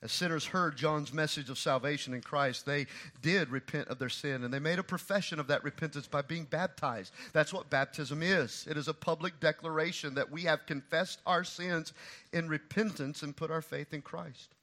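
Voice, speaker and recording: A middle-aged man preaching a sermon as pastor, swinging from quiet asides to loud, repeated emphatic lines. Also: fairly high pitch, moderate pace.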